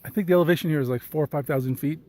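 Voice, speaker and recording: Young guy out of breath vlogging a hike outdoors, laughs at himself, bit of a higher voice. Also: rapid-fire, darkish tone, no echo, low-quality recording. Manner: chatty, self-mocking, laughing. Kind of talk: casual hiking vlog. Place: outdoors on sand dunes.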